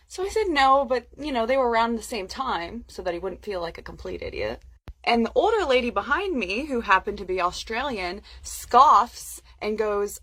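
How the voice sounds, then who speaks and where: A woman's voice: a little high, animated, moderate pace, a bit bright. A woman telling a wry, amused story in a social media clip.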